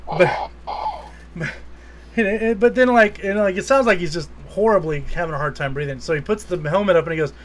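A man's voice: sits high, normal speed. A man co-hosting a casual movie podcast, rambling through scenes, swearing freely and laughing as he retells them. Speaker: podcast co-host. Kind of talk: casual movie review chat.

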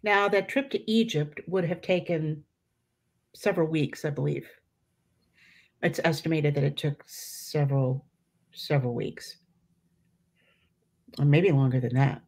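A woman's voice: low voice, a little slow, long pauses, a little mellow. A middle-aged woman giving informal religious teaching, chatty, with many fillers and restarts. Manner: conversational, many fillers and restarts, acts out quoted voices. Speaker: Catholic teacher leading a prayer study.

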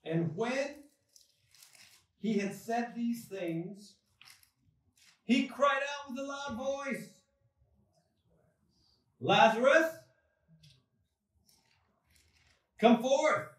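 Slow, high-voiced preaching man in an echoey church. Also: a bit bright. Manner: deliberate preaching with dramatic pauses and swells. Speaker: pastor. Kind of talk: sermon. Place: church sanctuary. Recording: echoey church hall from far off.

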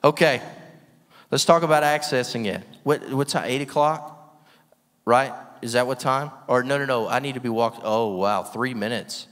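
This guest preacher's voice sits at medium pitch with a slightly bright quality, and he speaks at a normal speed. He preaches energetically and emphatically, laughing often and asking rhetorical questions, in a church hall with a long echo.

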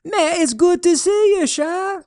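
A man's voice: very high voice, measured pace, darkish tone, dry recording, studio quality, pitched above the performer's own voice. A man voicing a simple, good-natured Cajun man in a rice field, with a Cajun accent, hollering back to a friend. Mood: cheerful hollering.

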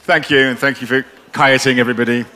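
A man hosting a conference roundtable, introducing the panelists in a brisk, lightly joking way. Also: mid-range voice, fairly even intonation, bright, forceful tone. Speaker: roundtable host, trade editor.

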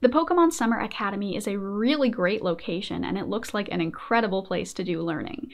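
A young adult woman hosting a casual commentary video, playful and animated, often laughing. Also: mid-range voice, quick pace, gravelly. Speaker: video essayist host.

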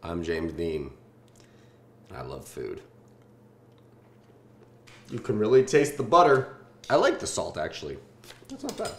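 A man in his twenties from Southern California hosting a casual food-tasting vlog, joking and swearing in deadpan asides. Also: low voice, measured pace, pauses often, echoey room, a little hiss or hum. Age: 20s.

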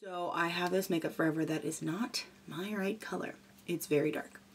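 A woman's voice: lowish voice, fairly even intonation, moderate pace, breathy edge. A young woman chatting casually and goofily while doing a makeup tutorial. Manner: goofy, chatty and rambling. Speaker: beauty vlogger.

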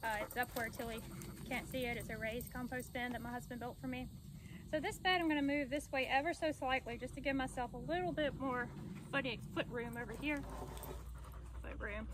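High-pitched lady talking through her garden chores outside, a bit of outdoor hiss. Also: fairly even intonation, a little fast. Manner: chatty, explains each step while digging. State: out of breath at times. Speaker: gardening vlogger. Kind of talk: casual talk to camera while working.

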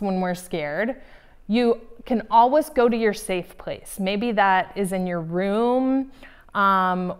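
A young woman teaching a children's lesson about feelings, talking gently and playfully and acting out each feeling for the kids. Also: medium pitch.

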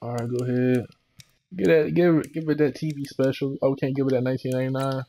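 Young man, casual gameplay commentary, mid-pitched, laid-back slang, sudden excited bursts. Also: quick pace. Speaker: gaming channel host.

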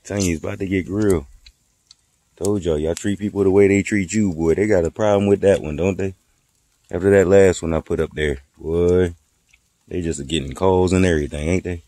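A man's voice: sits low, steady tone, fairly quick, mellow. A man talking casually while he cooks at a grill, teasing and joking in laid-back slang. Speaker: vlogger cooking at a grill.

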